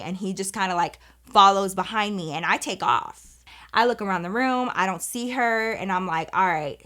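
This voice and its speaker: A woman vlogger telling a dramatic personal story in casual, profane, animated speech. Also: mid-range voice. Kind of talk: storytime vlog, casual chat.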